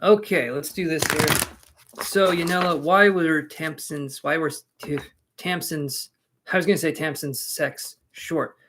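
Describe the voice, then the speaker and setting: A man's voice: a little high, unhurried, noisy background. A man reads tarot cards live on a stream. He chats casually with his viewers and slips in joking asides between readings. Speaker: tarot reader.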